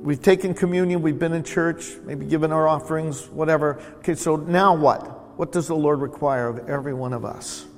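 A man's voice: a little high, normal speed, hardly any pauses, long reverb tail, faint music behind. A male pastor preaching a sermon in a church, with a conversational style that keeps repeating words for emphasis. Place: church sanctuary.

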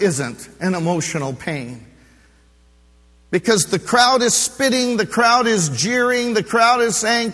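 A middle-aged male pastor preaching a sermon, impassioned, rising to loud emphatic peaks and dropping to hushed low passages. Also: animated, a little slow. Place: church sanctuary during a service. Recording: long reverb of a large church hall.

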